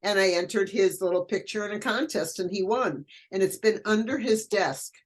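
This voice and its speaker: An older woman who is a guest educator, chatting casually in an interview and telling animated stories. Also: mid-range voice, moderate pace. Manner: animated storyteller, acts out quoted voices.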